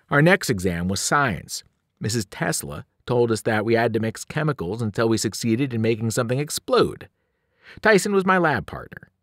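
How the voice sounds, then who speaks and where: Lively male storyteller reading aloud. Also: fairly low pitch, no room sound, clean studio sound. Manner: expressive, animated storytelling. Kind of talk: audiobook reading of a novel.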